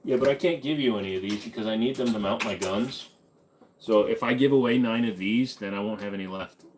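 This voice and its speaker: Chill american guy on a live stream, kinda low voice, joking around and reading out comments, lots of uhs. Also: brisk, a little hiss or hum. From United States. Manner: laid-back, joking, drawling with frequent "uh" fillers. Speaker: host.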